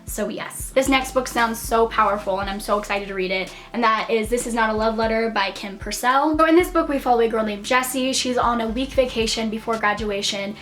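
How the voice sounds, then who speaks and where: Woman in her twenties, upbeat book vlogger, slightly high pitch, gushing and casual. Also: fairly bright tone. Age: 20s. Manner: enthusiastic, gushing, filler-heavy. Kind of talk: casual book haul chat.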